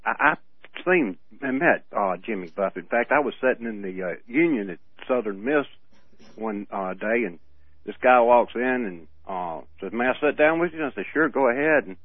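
Man, radio co-host, rambling storyteller, lively up-and-down voice, lowish pitch, tinny phone-like sound. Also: no room sound. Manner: rambling storyteller, halting restarts, laughs often. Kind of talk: casual radio chat.

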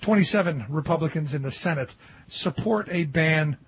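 High-pitched husky sarcastic talk host. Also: male voice, moderate pace, no room sound. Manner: animated and sarcastic, mimicking opponents in quotes. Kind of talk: political commentary talk show. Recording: dull lo-fi dry studio sound.

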